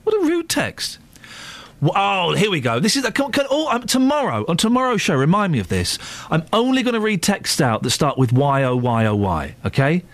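A man's voice: a little high, sing-song, a little fast, few pauses, fairly bright tone. A British man hosting a radio show, chatting casually and reading out listener texts with indignant ranting. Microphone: studio mic.

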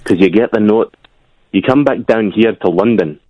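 A male caller on a radio phone-in, telling a rambling, animated story. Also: fairly low pitch, normal speed, no room sound. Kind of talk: phone-in chat. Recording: dull phone line.

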